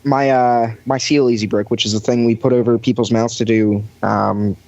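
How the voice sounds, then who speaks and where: A man's voice: medium pitch, fairly even intonation, normal speed, a little mellow, dry recording. A young man rambles through a story on a casual podcast, leaning on fillers and putting on voices for the people he quotes. The recording is dry and a little dull, like a cheap mic in a small space. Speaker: podcast guest recounting lifeguard job. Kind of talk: casual chat.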